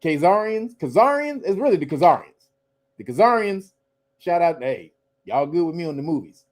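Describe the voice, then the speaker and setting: Man, high-pitched voice, show host, casual rant, laughs a lot, swears freely. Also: normal speed. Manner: animated, laughing often, profane. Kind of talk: casual livestream commentary.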